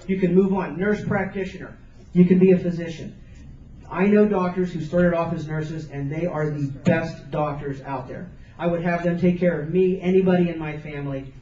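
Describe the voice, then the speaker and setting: A motivational speaker addresses students earnestly and emphatically, repeating phrases to drive his points home. His voice sits high and warm, with slight background noise. A camcorder in the audience captures him, so the sound is roomy, distant and dull.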